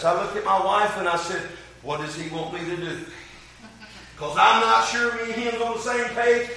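Fiery Appalachian male preacher, high and bright voice, booming sermon in an echoey church heard from off-mic. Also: moderate pace, vocal fry. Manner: fervent, loud, shouting with frequent amens. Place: large church hall. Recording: echoey hall, mic from a distance.

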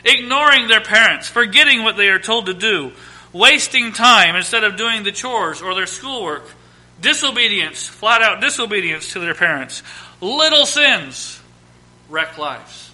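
A man in his thirties preaches a sermon with a high, very bright voice. He hammers home lists and repeated phrases, then falls to quiet asides. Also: animated, a little slow. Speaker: pastor.

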